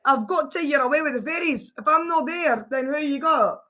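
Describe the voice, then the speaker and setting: A woman's voice: high-pitched, fairly quick, pushed and bright. A woman hosting a livestream, chatting casually with her partner, swearing freely and laughing often. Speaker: livestream host.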